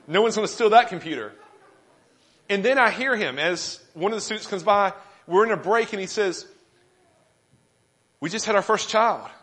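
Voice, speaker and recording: A male pastor preaching with a slightly higher-than-average voice. He tells a funny story with self-deprecating humor and acts out the other people's lines with animation. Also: animated, fairly quick, fairly bright tone. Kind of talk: sermon.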